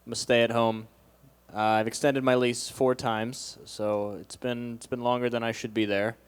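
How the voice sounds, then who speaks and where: A young male comedian works a club crowd from the stage. His voice is smooth and clear, at a middling pitch. He has a dry, wry way of telling his jokes. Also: level tone, normal speed. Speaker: stand-up comedian. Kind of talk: stand-up comedy set.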